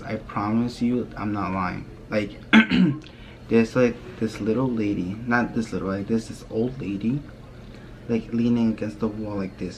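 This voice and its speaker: A young man vlogger telling a spooky story in a casual, rambling way, often dropping his voice low and filling with "like". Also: a little hiss or hum. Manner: rambling, hushed telling with many "like" fillers.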